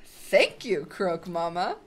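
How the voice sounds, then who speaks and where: A woman's voice: lowish voice, sing-song, slow pace, a little hiss or hum, voice pushed down. Woman voicing an earnest young girl adventurer. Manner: earnest, pleading.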